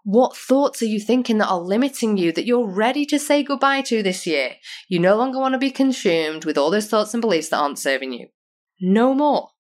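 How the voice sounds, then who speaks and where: A woman's voice: medium pitch, lively intonation, a little fast. A woman with an English accent, hosting a podcast and speaking as a coach in an earnest, emphatic motivational monologue full of rhetorical questions. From United Kingdom. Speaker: podcast host and personal coach.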